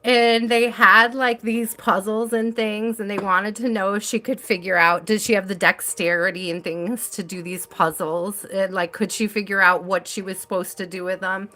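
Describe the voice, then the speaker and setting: A woman's voice: mid-range voice, steady tone, moderate pace, hardly any pauses, bright, forceful tone. A woman hosting a live tarot stream, chatting casually and telling stories with frequent laughter. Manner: chatty storyteller, laughs often.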